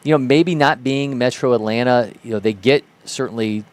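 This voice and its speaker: A man's voice: medium pitch, normal speed. A man calling live play-by-play for a baseball broadcast, lifting his voice sharply on big plays. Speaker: play-by-play commentator.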